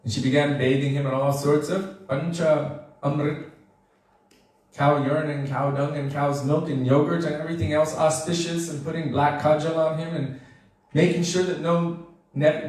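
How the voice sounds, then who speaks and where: A man giving a devotional storytelling lecture, animated and acting out the characters as he goes. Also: fairly high pitch, normal speed. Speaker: devotional speaker. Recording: very echoey room, voice far from mic.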